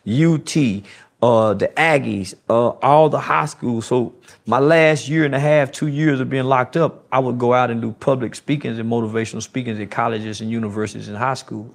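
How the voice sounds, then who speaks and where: A man telling his life story in conversation, earnest and halting, with frequent restarts. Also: medium pitch, gravelly.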